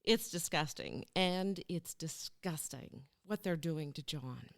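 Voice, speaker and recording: A woman's voice: deep voice, slow pace, no room sound, studio quality. A woman hosting a podcast, narrating in a plainspoken, sympathetic way and asking her guest questions. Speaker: podcast host. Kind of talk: scripted narration.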